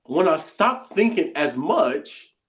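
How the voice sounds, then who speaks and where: Man, coach, casual spoken lesson, repetitive, slightly high voice. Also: sing-song, slow. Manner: conversational, repeats phrases, acts out inner voices quietly. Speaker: coach teaching a bootcamp session.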